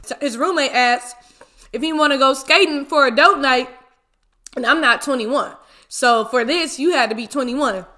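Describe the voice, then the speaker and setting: A woman in her twenties telling a story casually while eating, animated and full of slang and exclamations. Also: high voice, moderate pace. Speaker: mukbang vlogger.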